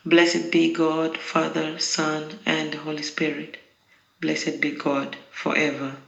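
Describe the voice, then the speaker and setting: A prayer leader reciting daily liturgical prayers in a slow, measured, solemn way. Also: mid-range voice, monotone, creaky, a bit bright, muffled recording. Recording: roomy echo.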